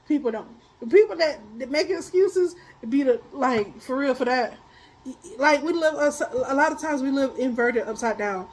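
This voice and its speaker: A woman tarot reader chatting casually about spiritual lessons, animated and blunt, laughing often as she tells stories. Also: high-pitched, normal speed, low-quality recording. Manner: blunt, colloquial.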